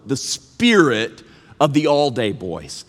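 This pastor preaches slowly and earnestly in a church sanctuary, with huge pitch swings and a slightly bright voice as he presses on key words in drawn-out phrases. He playfully imitates whiny complaints, and a large hall's long reverb surrounds him.

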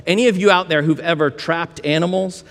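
A man's voice: fairly high pitch, brisk, a bit bright. A man preaching a sermon in a conversational way, with folksy asides and frequent restarts. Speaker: pastor. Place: church sanctuary. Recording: long reverb of a church hall.

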